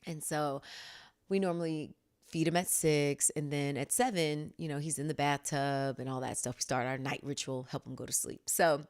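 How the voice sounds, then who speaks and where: A woman in her thirties hosting a podcast in a casual solo chat, laughing often and acting out quotes in a higher voice. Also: fairly even intonation, normal speed, clear, resonant tone. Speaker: podcast host.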